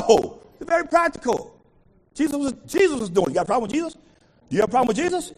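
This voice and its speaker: Speaking very fast in a very high-pitched voice, a male pastor preaches an animated call-and-response sermon captured in a low-quality recording. Again and again, he has the congregation fill in the words he leaves off.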